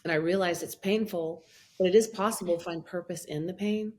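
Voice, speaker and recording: A woman in her fifties telling her story as a podcast guest, animated, acting out her own past words with a lifted voice and laughing often as she talks. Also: lowish voice, fairly quick. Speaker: guest, minister and life coach. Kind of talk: personal storytelling in a podcast interview.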